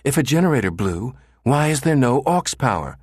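A man's voice: mid-range voice, big pitch swings, fairly quick, darkish tone, husky, no room sound, clean studio sound, voice pushed up. A man doing a tense, insistent woman. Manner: urgent, insistent, pushing.

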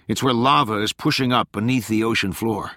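A level-headed oceanographer walking others through the science, as a man voices him. His tone is bright and forward, slightly above the narrator's pitch, recorded close and dry. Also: fairly quick, no echo. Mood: explaining. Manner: patient, explanatory. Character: calm, explaining male oceanographer.

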